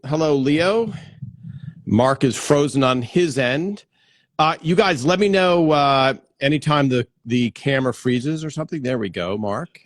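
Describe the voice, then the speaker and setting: Speaking into a plugged-in desk mic, this livestream host chats casually and greets viewers by name as he goes, restarting himself frequently. He has a medium-pitched voice, and the clean studio audio carries no echo.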